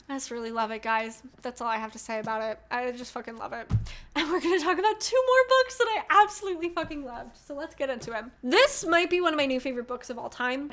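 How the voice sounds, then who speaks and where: A young woman in her twenties talks through her favourite reads with gushing, animated enthusiasm, swearing freely and laughing often. Her voice sits high and sounds bright and crisp. It is relaxed, casual book review chat. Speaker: book vlogger.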